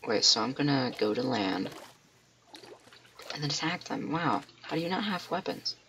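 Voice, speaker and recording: A man records excitable let's play commentary at his desk, blurting exclamations and muttering to himself as he plays. His voice sits at an ordinary middle pitch. Faint keyboard clicks tick behind him. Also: normal speed, slight background noise. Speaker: gamer.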